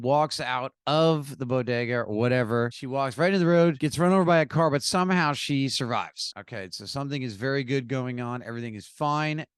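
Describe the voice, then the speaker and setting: A man's voice: medium pitch, smooth, no room sound, studio quality. A man hosting a podcast, telling a story in a rambling, self-deprecating monologue. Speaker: podcast host. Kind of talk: casual monologue.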